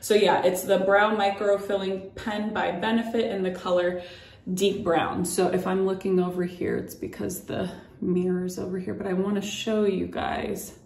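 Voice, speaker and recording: A woman's voice: mid-range voice, little pitch movement, moderate pace, gravelly, darkish tone, echoey room. A young woman chatting through a makeup tutorial at home, a bit out of breath and full of fillers as she demonstrates. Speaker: beauty vlogger. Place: at home by a mirror.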